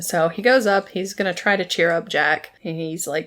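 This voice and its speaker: A woman casually recapping a TV episode, laughing often and acting out characters' lines in quick asides. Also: mid-range voice, fairly even intonation.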